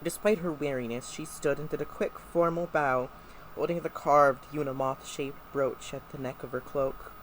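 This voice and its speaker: A co-reader narrating a novel aloud in a steady, even way. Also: medium pitch, normal speed, slight background noise, rough recording. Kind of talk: live read-aloud of a novel.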